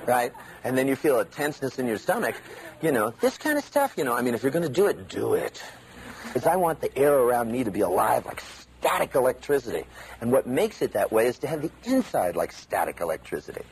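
A man giving an animated live seminar lecture, acting out the inner voices he describes. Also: mid-range voice, a little fast, slight background noise, poor audio.

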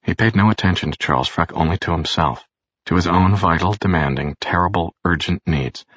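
A man reading an audiobook aloud as narrator, in a measured, steady manner, in a dull lo-fi recording. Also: sits low, no room sound.

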